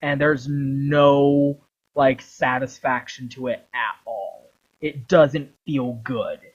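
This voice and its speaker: A man retelling a game story in a long, animated ramble full of swearing, on a dull lo-fi recording. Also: medium pitch, takes it slowly, slightly rough. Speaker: video creator.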